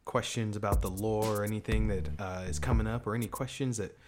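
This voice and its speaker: A man, the game master, wrapping up a session in relaxed, chatty talk that repeats itself. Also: fairly low pitch, brisk, over loud music. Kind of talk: casual podcast wrap-up chat.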